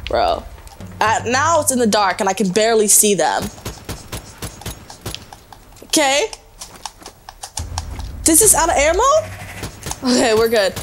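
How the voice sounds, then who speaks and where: A woman's voice: a little high, very animated, a little slow, pauses often. A young woman hosting a gameplay segment, reacting in panicky, laughing bursts while she plays. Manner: panicky, yelping, laughing asides. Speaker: game show host. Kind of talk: excited gameplay commentary. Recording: voice with game music behind.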